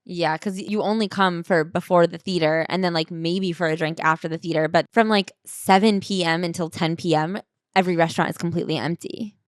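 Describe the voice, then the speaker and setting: A woman co-hosting a casual book-club podcast, wry and playful with quick quips. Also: fairly low pitch, fairly even intonation, no room sound, clean studio sound. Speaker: podcast co-host.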